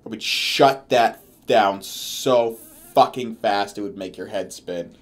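Talking slowly in a lowish voice, a male commentary host reads through a story and tears into it with comedy. He is sarcastic, swears, and delivers mocking rants.

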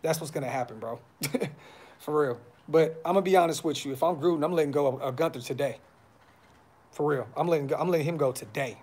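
A man's voice: a little high, a little fast, a little mellow. A man hosting a fan podcast, talking casually on a live stream with frustration, blunt slang and lots of repeats. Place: brother's house.

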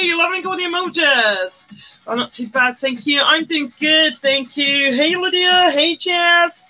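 A woman chats her way through a makeup live stream in a high, bright voice. She greets viewers one after another, squeals with delight and hums to herself. Soft music plays faintly in the background. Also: unhurried, poor audio. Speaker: livestream host. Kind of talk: chatty live-stream commentary while doing makeup. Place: indoors at home, live streaming.

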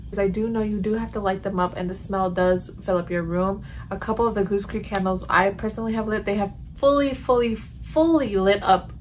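A woman's voice: medium pitch, slight background noise. A woman chatting casually in a home vlog, reviewing candles and reacting as she smells each one. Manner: chatty, animated, sniffing and reacting. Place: home room.

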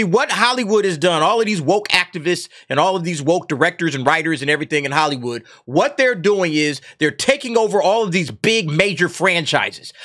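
A man's voice: high-pitched, a bit bright. A man hosting an opinionated commentary show, talking casually with mocking laughter and repeated "okay?" and "man". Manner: mocking, laughs often, drawn-out emphasis. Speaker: commentary channel host.

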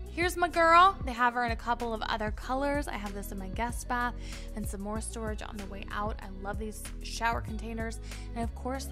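A young woman vlogger gushing with enthusiasm as she narrates a home decor shopping haul in a voiceover. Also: a little high. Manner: enthusiastic, gushing over finds.

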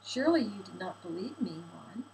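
A woman voicing an affectionate seventeen-year-old slave girl who speaks softly and tenderly. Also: mid-range voice, expressive, moderate pace, slight background noise, natural voice, rough recording. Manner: soft, tender, doting.

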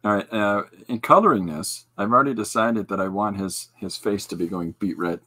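A man in his forties hosting a podcast, telling rambling, self-deprecating stories in casual chat, with halting restarts and frequent laughs. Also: lowish voice, sharp tone. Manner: halting restarts with many fillers. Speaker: podcast host and artist.

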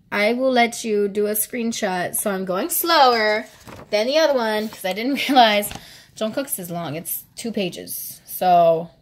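Excitable young woman gushing over an album. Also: on the high side. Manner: excitable, gushing, with gasps, giggles and squeals; drops to hushed whispers at times. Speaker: vlogger unboxing an album. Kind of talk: casual unboxing chat.

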